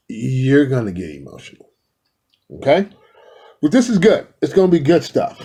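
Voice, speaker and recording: A man's voice: mid-range voice, very animated, moderate pace, warm tone, husky. A man in a casual, rambling talk to his viewers, addressing them directly and affectionately while filming himself indoors. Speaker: spiritual vlogger.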